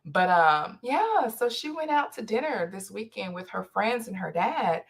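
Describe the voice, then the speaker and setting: A woman's voice: medium pitch, big pitch swings, a little slow, slightly rough. A woman hosting a casual solo podcast, telling a family story and acting out both sides of the conversation. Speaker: podcast host.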